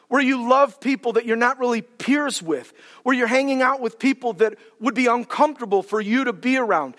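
A male pastor preaching in a church hall, his high voice carried on a long reverb. He talks in an animated, colloquial way as he unpacks Scripture. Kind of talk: sermon.

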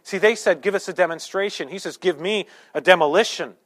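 A man delivers a sermon in a church with a voice pitched noticeably high for a man. He keeps it conversational, tossing in jokes and asides, then suddenly bursts out loud to drive a point home. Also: fairly quick. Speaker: pastor. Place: church sanctuary.

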